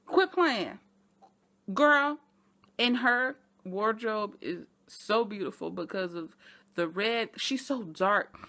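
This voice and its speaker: Chatty woman doing an animated recap. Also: medium pitch, takes it slowly. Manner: animated and chatty, talks straight to fans. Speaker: TV show reviewer. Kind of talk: casual episode recap vlog.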